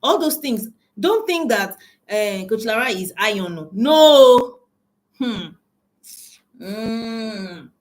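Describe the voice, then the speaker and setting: An emphatic woman speaks in a fairly high voice. She coaches her listeners directly, repeats key phrases to drive them home, and calls them ladies and gentlemen. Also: animated, drawn-out words. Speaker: business coach. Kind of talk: motivational talk to camera.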